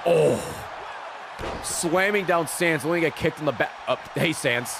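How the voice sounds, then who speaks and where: A man streaming a game and giving excitable play-by-play commentary, swearing and laughing often. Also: on the high side, a little slow, gravelly, noisy background. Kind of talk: live-stream gameplay commentary.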